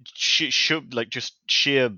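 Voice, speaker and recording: A man co-hosting a gaming podcast in casual chat. He talks in a chatty way, with stumbling restarts, and is quick to laugh. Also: medium pitch, steady tone, pushed and bright, dry recording. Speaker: podcast co-host.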